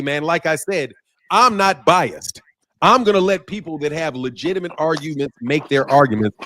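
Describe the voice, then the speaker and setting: Higher-voiced male boxing show host, dry close sound, casual and animated, swears freely. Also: no room sound. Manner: animated, swears, reads viewer super chats. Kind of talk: casual panel chat.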